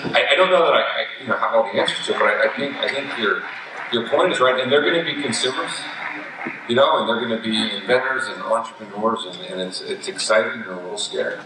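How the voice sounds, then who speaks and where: A man's voice: mid-range voice, quick pace, background noise. A man speaking on a conference panel, telling rambling anecdotes with many restarts. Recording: echoey hall, distant mic.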